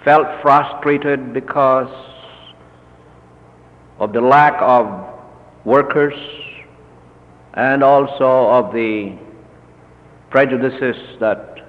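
A man, a Lutheran church leader, slowly recounting a personal story in a measured talk full of pauses. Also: mid-range voice, fairly even intonation. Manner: slow, measured, with many pauses and fillers. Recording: dull, lo-fi recording with long reverb.

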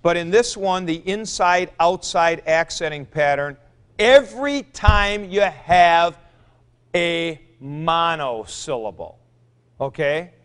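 A man's voice: a little high, slow pace, fairly bright tone, smooth. A middle-aged man teaching a Greek grammar class, explaining patiently in a classroom. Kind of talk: classroom lecture.

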